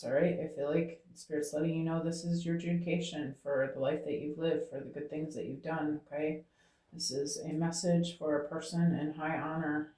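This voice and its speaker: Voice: medium pitch, a little mellow. Echoey tarot reader checking in with "okay?". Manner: talks aloud to Spirit, tags phrases with "okay?". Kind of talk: channeled tarot reading to viewers. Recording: roomy echo.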